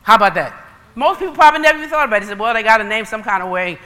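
Woman preacher, animated storyteller acting out dialogue, bright tone, long hall reverb. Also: fairly high pitch, very fast. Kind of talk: sermon.

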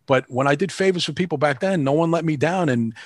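A man's voice: fairly high pitch, fast talker, no echo, studio quality. Frank rambling New man in his fifties. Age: 50s. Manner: rambling, frank and profane, acts out quoted dialogue. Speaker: band manager and promoter. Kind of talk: casual storytelling interview.

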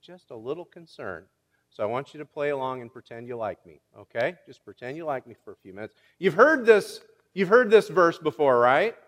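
A man's voice: mid-range voice, big pitch swings, fairly quick, fairly bright tone. A man preaching a sermon as pastor, playfully teasing his congregation and often repeating words as he restarts a phrase. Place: church sanctuary. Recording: long hall reverb.

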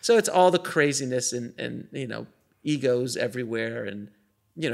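A man, a filmmaker guest, chatting casually in an interview and telling animated stories with frequent laughs and restarts. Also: mid-range voice, quick pace, gravelly. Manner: animated storyteller, laughs often, many restarts.

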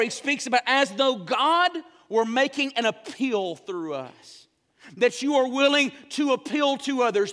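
A high-pitched man preaches a sermon as pastor, pressing his points with fervor. At times he drops to a soft, hushed near-whisper. The sound carries the long reverb of a church hall.

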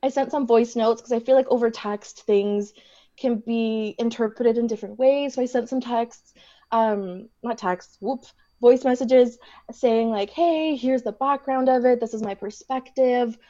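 A woman from Canada tells her story as a podcast guest, animated, with frequent laughter and lots of "like." Her voice sits fairly high with a warm, mellow tone. The recording sounds dull and muffled. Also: unhurried. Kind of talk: casual storytelling in a podcast interview.

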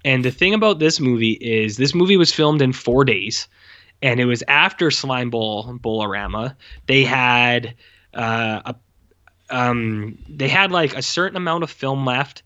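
A man's voice: medium pitch, measured pace, bright, forceful tone, highs cut off. A man casually chatting about movies on a podcast, rambling with lots of fillers. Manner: rambling, filler-heavy, laid-back. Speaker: podcast host reviewing movies. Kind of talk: casual chat.

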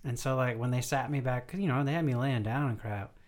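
A man's voice: mid-range voice, fast. A man co-hosting a podcast, recounting an episode in easygoing casual chat. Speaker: podcast co-host.

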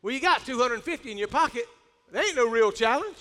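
A middle-aged man preaches a sermon in a voice pitched very high and ringing bright. He calls out for amens and builds into shouts. Long reverb trails after him through the sanctuary. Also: animated, quick pace. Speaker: pastor. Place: church sanctuary.

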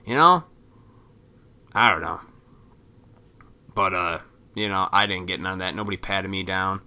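A man casually telling a rambling travel story, profane and animated, slipping into voices when quoting people. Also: low-pitched, measured pace, clear, resonant tone.

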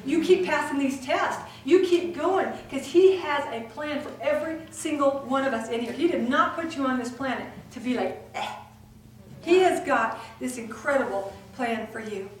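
A woman preaching a lively sermon to a women's gathering, acting out the voices in the stories she tells. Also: high voice, moderate pace, few pauses, slight background noise. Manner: animated, acts out voices in her retelling. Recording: echoey hall recorded from far off.

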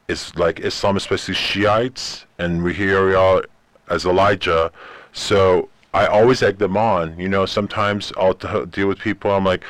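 A man's voice: low-pitched, no echo. A man whose first language is Persian, telling stories as an interview guest and acting out the voices he quotes. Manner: animated storyteller, acts out quoted voices. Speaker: ministry guest. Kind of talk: interview storytelling.

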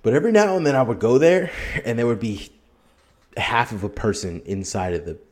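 A man's voice: medium pitch, expressive, a little fast, a little mellow. A man telling a long story on a casual podcast, rambling and swearing freely, laughing as he goes. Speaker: podcast guest.

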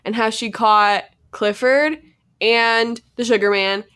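A young woman co-hosting a podcast, chatting casually about a TV episode and acting out characters' lines in quick impressions. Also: fairly high pitch, steady tone, a bit bright, clean tone. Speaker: podcast co-host. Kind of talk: casual recap chat.

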